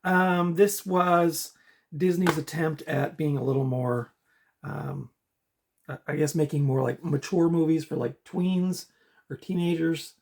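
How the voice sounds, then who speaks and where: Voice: mid-range voice, fairly even intonation, unhurried, creaky, a little mellow. A middle-aged vlog host chatting casually from home about movies. The host rambles and hesitates, with many fillers and sighs. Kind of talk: casual movie review chat. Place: home apartment.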